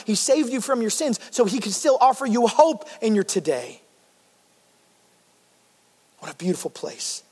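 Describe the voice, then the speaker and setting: High-voiced pastor preaching in a reverberant hall. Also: male voice. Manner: impassioned, swings from loud emphatic peaks to hushed tender lines. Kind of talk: sermon.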